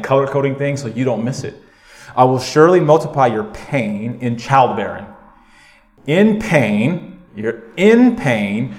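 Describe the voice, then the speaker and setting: A male pastor preaching a sermon to his congregation, animated and conversational, with quick asides to the listeners. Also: medium pitch. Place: church sanctuary. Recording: roomy echo.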